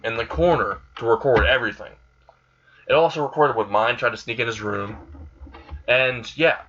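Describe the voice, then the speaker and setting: Man, casual storyteller, rambling and crude, mid-pitched voice, dull slightly hissy recording. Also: fairly bright tone. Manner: rambling, crude, laughs at his own plot. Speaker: fan storyteller. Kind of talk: casual retelling of a fan what-if story.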